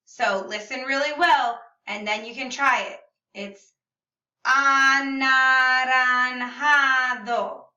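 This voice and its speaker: Bright, slow-talking woman teacher, echoey room. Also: a little high, lo-fi sound. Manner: upbeat, slow and clearly enunciated, modeling words for repetition. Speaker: Spanish teacher. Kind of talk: video lesson for kids. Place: classroom or room at home. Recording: echoey room, slightly far from mic.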